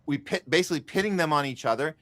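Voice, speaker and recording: A man's voice: a little high, fairly bright tone. A man hosting a political podcast, chatting casually and firing off rhetorical questions. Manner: rhetorical questions, quick asides. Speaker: podcast host.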